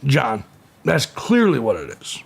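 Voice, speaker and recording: A man's voice: medium pitch, huge pitch swings, unhurried, gravelly, a little hiss or hum. A man in his forties hosting a live stream, reading viewers' comments aloud and firing back at trolls in a combative, profane way. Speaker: livestream host.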